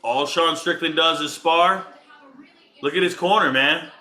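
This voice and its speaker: This is a man hosting a live reaction stream who jokes around and talks straight to his viewers. His voice sits a little on the high side, with a bright, forward edge. He keeps things loose and chatty throughout. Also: unhurried. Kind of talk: casual live reaction chat.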